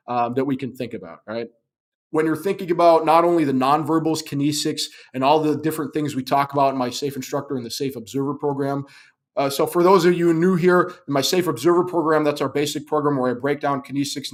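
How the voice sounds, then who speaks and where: A man hosting a live show, teaching in an emphatic, conversational way, often checking in with "okay?". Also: mid-range voice. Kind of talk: live-stream teaching talk.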